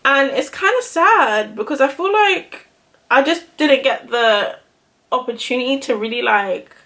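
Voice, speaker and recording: A woman's voice: high-pitched, expressive, measured pace, fairly bright tone. A young woman chatting casually to the camera while getting ready, rambling and filling her speech with "like". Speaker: beauty vlogger. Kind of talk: casual get-ready-with-me chat.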